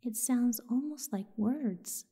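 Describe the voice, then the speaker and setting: A woman voicing a lost and frightened young girl in a whispered storybook role-play, soft and pleading. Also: fairly high pitch, slow, husky. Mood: uneasy.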